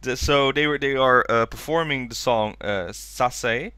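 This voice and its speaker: A man co-hosting a podcast, chatting casually as he recaps a documentary, acting out quotes in higher voices. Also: measured pace, bright, forceful tone, clear, resonant tone, no echo. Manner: enthusiastic, acts out quotes in high voices. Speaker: podcast co-host.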